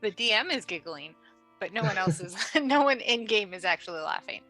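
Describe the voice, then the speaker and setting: Woman DM, casual narration, bright tone. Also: mid-range voice, animated, a little fast, faint music behind, low-quality recording. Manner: casual, filler-heavy narration. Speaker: game master. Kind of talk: narrating a tabletop game.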